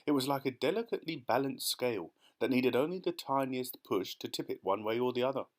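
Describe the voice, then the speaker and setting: A man's voice: medium pitch, lively intonation, fairly quick. A man reading a children's audiobook as narrator, telling the story steadily and expressively. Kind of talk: scripted narration.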